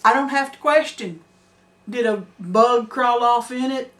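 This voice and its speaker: A woman's voice: on the high side, a little slow, fairly bright tone. Earnest older woman, off-mic. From Middle Tennessee. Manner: earnest, emphatic, laughs easily. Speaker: homesteader. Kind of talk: casual chat. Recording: distant mic.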